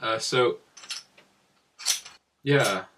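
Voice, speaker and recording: A man's voice: mid-range voice, extremely slow, distant mic, noisy background. A young man casually telling a travel story as a vlogger, rambling with many filler words.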